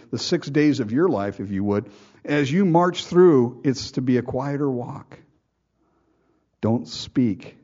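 A man's voice: medium pitch, darkish tone, dull audio. A man preaching a sermon in a folksy way, asking rhetorical questions and acting out quotes. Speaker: pastor.

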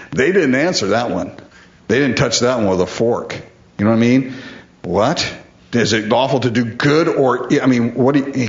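Male preacher, animated swings in pitch, echoey dull-sounding room. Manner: emphatic, rhetorical questions, repeats for stress. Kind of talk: sermon.

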